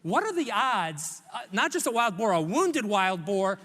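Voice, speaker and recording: A man from Hawaii giving a humorous commencement speech in a large church hall, telling a story in an animated, self-mocking way and voicing his own thoughts. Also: sits high, measured pace. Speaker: commencement speaker. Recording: echoey recording in a large hall.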